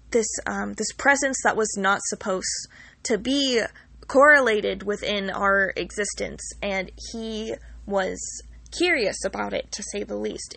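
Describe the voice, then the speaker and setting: A woman's voice: mid-range voice, creaky, bright, forceful tone, no room sound. A young woman telling a personal story casually, rambling with lots of fillers and the odd swear word.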